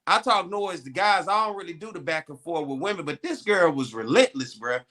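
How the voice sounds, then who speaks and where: A man talks in easy, slangy chat, spinning stories at his own pace. His voice sits high and rings bright. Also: expressive, fairly quick. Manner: slangy, laid-back storytelling. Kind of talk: casual chat.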